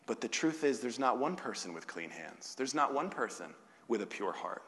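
A male pastor delivering a sermon, asking rhetorical questions and slowing down with long pauses on key words. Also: mid-range voice, sing-song, fairly bright tone. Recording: long hall reverb.

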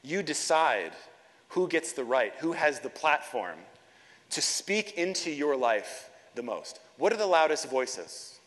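A man's voice: a little high, slow. Earnest man preaching in a reverberant hall. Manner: earnest, repeats words when excited. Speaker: pastor. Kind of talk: sermon.

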